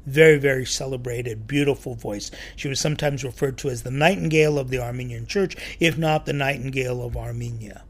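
A man telling a church story in a sermon, lively and acting out the quoted voices. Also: mid-range voice, brisk, hardly any pauses. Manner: animated storyteller, acts out quotes.

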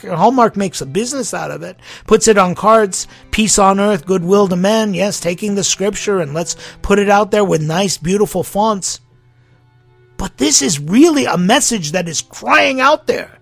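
A pastor delivers an impassioned sermon packed with rhetorical questions, moving from loud appeals to hushed lines. His voice sits high and sounds gravelly.

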